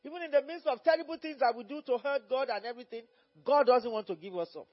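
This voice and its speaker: A man preaching at a Bible study as pastor, fervent and repetitive, rising to loud exhortation. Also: very high voice, fast. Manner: fervent, repeats phrases, rises to loud exhortation. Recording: dull lo-fi recording.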